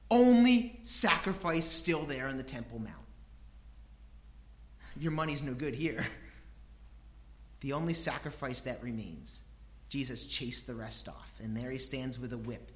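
A middle-aged man preaching a sermon, emphatic and animated, dropping to a hush and then rising loud, telling homely family stories. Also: medium pitch, unhurried, pauses often. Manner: animated, emphatic, swings between hushed and loud. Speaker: pastor.

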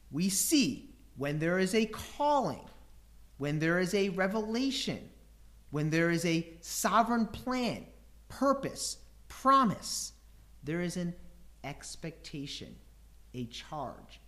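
Animated man preaching a sermon. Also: fairly high pitch, slow pace. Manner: animated, acts out voices and laughter, rhetorical questions. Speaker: preacher teaching scripture.

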